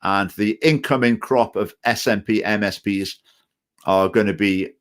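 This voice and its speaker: A man's voice: fairly low pitch, a little slow. Hesitant Stoke-on-Trent man, chatty. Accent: Stoke-on-Trent English with some Scottish phrases. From England. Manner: hesitant, repeats words, digressive opinionated talk. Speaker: party chairman answering viewer comments. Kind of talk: casual live-stream chat reading out comments.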